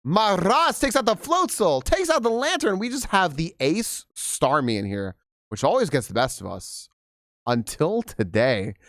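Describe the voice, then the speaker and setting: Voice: mid-range voice, big pitch swings, normal speed, a bit bright, dry recording, studio quality. A young adult live streamer chatting casually with viewers, giggling often, swearing freely and rambling through restarts.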